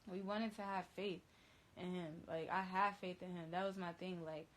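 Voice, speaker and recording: A woman's voice: on the low side, steady tone, normal speed, a bit bright, rough recording. A woman DJ telling a story in casual, profane slang on a phone livestream, rambling with lots of fillers.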